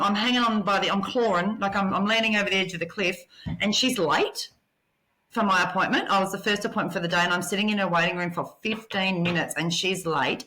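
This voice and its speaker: Lower-voiced woman guest, blunt and sweary, bright punchy tone, telling her story. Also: rough recording. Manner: blunt, swears freely, animated. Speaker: podcast guest. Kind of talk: candid personal storytelling.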